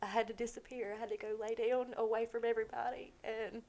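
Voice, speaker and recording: A woman with a drawl speaks as a podcast guest. She tells a deeply personal story, halting often and leaning on soft fillers as she gathers herself. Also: level tone. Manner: halting, with many pauses and fillers.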